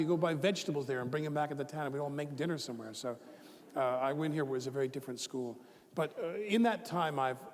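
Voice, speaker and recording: A man in his fifties, a guest author telling rambling, animated stories with many fillers and restarts in a live onstage conversation. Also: mid-range voice. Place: large event hall with a live audience. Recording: long reverb of a large hall, faint noise.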